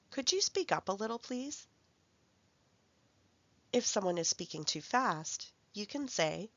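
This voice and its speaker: A woman narrating a recorded language workshop, speaking clearly and carefully as she reads out example phrases. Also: medium pitch, no echo, muffled recording. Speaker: language support instructor.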